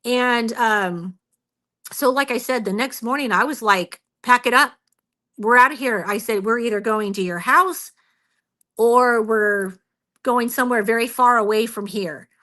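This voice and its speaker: A woman with a bright, tense, fairly high voice tells a frightening story from her own life. She talks earnestly and a bit shaken, with lots of fillers, and keeps acting out what she said and thought. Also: unhurried. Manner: earnest, shaken, many fillers and quoted self-talk. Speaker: guest, Bigfoot researcher. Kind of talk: telling a personal story in a radio interview.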